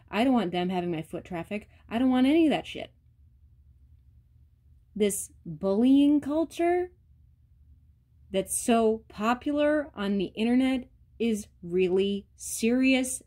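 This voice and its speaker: A woman's voice: medium pitch, a little mellow. A woman vlogger ranting bluntly and profanely, talking straight to her viewers. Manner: addresses viewers directly. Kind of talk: casual rant to camera.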